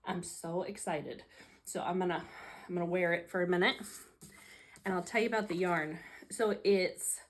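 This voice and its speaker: A woman's voice: on the low side, normal speed, pauses often. A woman, hosting a casual home hobby vlog, chatty, sarcastic and self-deprecating, often laughing, recorded on a phone at home. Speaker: hobby vlogger. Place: home room, seated at a tray table. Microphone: phone camera.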